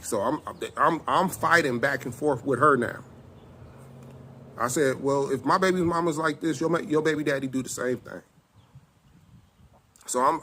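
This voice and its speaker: A middle-aged man, telling a personal testimony in casual, animated speech and acting out both sides of an argument. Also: mid-range voice, slight background noise. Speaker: self-styled apostle telling a personal testimony.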